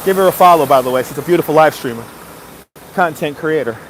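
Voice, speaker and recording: A man's voice: fairly high pitch, fast talker, slight background noise. An upbeat man live-streaming outdoors on a city street from his phone, greeting viewers by name and giving them a motivational push. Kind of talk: casual live-stream chat.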